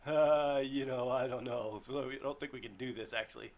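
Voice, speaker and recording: A man commentating his own gameplay, excitable, yelping and groaning as things go wrong. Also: mid-range voice, moderate pace, slight background noise. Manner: excitable, yelps and groans at setbacks. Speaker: let's play gamer. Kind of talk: live game commentary.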